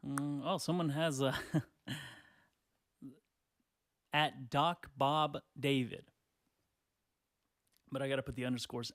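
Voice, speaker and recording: A man hosting a casual solo podcast, rambling crudely through online comments, laughing often and clearing his throat. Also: medium pitch, no room sound, studio quality. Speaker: podcast host. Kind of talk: casual solo podcast reading tweets aloud.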